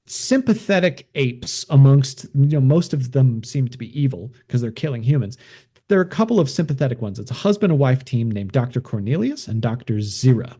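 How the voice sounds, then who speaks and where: A man's voice: medium pitch, warm tone, breathy edge. A man hosting a show, casually retelling a film plot in a rambling way with lots of fillers. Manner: rambling, heavy use of fillers. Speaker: podcast host. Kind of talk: casual movie recap.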